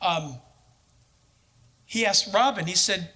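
Male preacher, high-pitched and forceful, lively anecdotal storyteller. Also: slow. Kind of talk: storytelling in a sermon.

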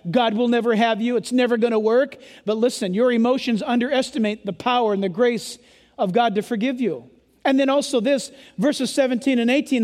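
A male pastor preaching an impassioned, emphatic sermon to a church, at times yelling. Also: very high-pitched. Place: church sanctuary. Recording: long hall reverb.

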